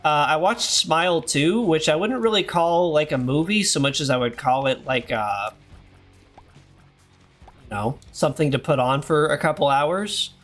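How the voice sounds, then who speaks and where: Male streamer in his thirties, hoarse, rambly and self-deprecating, slightly high voice. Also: unhurried, fairly bright tone, faint music behind. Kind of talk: casual gameplay chat.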